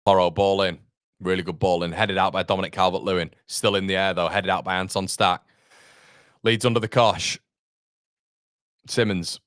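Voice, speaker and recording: Low-voiced fan commentator. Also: male voice, fairly even intonation, normal speed, pauses often, a bit bright, clear, resonant tone, no echo, studio quality. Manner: running play-by-play, answering viewer chat; exasperated, partisan outbursts. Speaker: fan channel host. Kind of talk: live match watchalong commentary.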